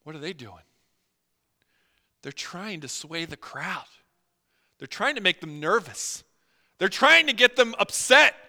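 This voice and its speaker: A man's voice: sits high, unhurried, creaky, long pauses, in a large hall. A male pastor preaching a sermon, telling stories and acting out the quotes in them. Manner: animated storytelling with acted-out quotes.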